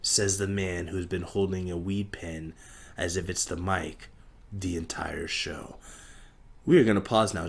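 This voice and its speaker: A man's voice: low-pitched, vocal fry, slightly rough. A man hosting a casual solo podcast, rambling in a profane, laid-back way. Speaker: podcast host.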